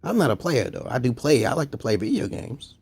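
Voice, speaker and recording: Gravelly-voiced man ranting profanely. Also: very animated, fairly quick, darkish tone. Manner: profane, rambling, swings from low mutters to high exclamations. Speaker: video blogger. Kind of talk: casual ranting monologue.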